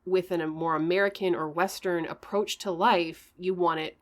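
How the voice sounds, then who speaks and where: Female podcast co-host, slightly low voice, rambling casual delivery. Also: steady tone, normal speed. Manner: chatty, hedging with "like" and "you know". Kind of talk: casual chat.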